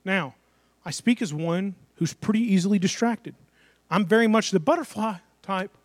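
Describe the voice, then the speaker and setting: A man's voice: sits high, moderate pace, no room sound. A middle-aged man, a pastor, preaching a sermon in a conversational way, with rhetorical questions and little acted-out asides.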